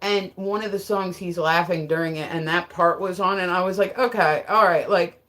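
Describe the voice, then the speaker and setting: A woman's voice: lowish voice, moderate pace, fairly bright tone. A woman live streaming in a casual, rambling, frank and joking way, with lots of filler words.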